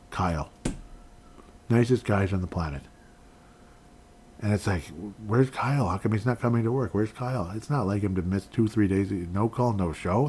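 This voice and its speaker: Low-voiced male sports podcast host, rambling and self-correcting, faint background noise. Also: darkish tone. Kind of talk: solo sports podcast talk.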